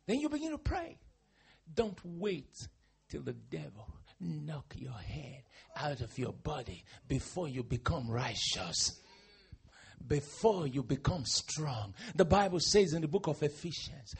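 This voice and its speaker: A man preaching a fervent sermon, moving between hushed passages and shouted exclamations. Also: fairly high pitch, sing-song, unhurried, gravelly, slightly rough. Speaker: pastor.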